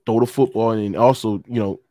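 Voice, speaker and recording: A man's voice: lowish voice, steady tone, brisk, warm tone, no room sound, studio quality. A man arguing football picks in a casual sports debate, hesitant and full of repeated filler phrases. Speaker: panelist.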